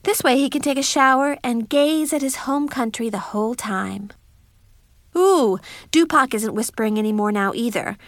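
Woman, audiobook narration, chatty and wry, fairly high voice, dry close sound. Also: moderate pace, dry recording. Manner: chatty, wry diary-style storytelling. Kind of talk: first-person audiobook narration.

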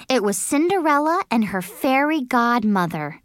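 A woman narrating a children's book in an animated, childlike first-person manner. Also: medium pitch, moderate pace, hardly any pauses, dry recording, clean studio sound. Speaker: audiobook narrator. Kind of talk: expressive storybook narration.

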